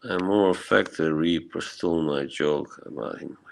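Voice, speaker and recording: A man's voice: low-pitched, unhurried, vocal fry. A man chatting on a casual live stream, rambling and swearing as he answers his chat, emotionally shaken.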